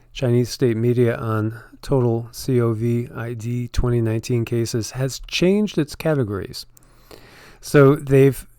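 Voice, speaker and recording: Man, casual news commentary, rambling with fillers, smooth clear voice, dry close sound. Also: medium pitch, a little mellow, no echo. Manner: rambling, filled with "you know" and restarts. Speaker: channel co-host commenting on news.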